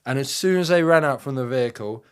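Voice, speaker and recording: A man's voice: mid-range voice, fast talker, clear, resonant tone. A man in his thirties, a podcast guest and army veteran, telling a rambling, vivid war story with plenty of swearing. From United Kingdom. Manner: acts out quotes in a raised voice.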